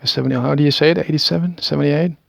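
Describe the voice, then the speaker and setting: A man's voice: fairly high pitch, steady tone, racing, gravelly, dry recording, studio quality. A Dutch man in his thirties with a Dutch accent, talking in a hesitant, rambling monologue full of stammered restarts and small chuckles. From Netherlands. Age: 30s. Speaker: video maker. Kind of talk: rambling self-recorded monologue.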